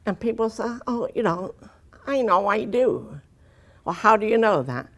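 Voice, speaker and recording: A deaf woman earnestly tells her story to an audience in a personal testimony, mixing in dry humor. Her medium-pitched, expressive voice moves at a normal speed. Unusual vowels and articulation in her speech often get mistaken for a foreign accent.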